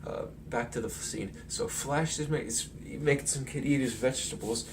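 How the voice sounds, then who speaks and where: Here a film vlogger breaks down a movie in a relaxed, meandering way, full of filler words and little chuckles. His mid-range voice is creaky and moves at a normal speed. Faint noise is audible, since the mic sits far from him.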